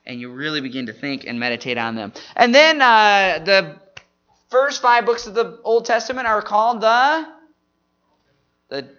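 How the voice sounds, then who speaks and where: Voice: medium pitch, bright, forceful tone, dull audio. A Bible class leader running a group memory drill, talking energetically and often saying "man".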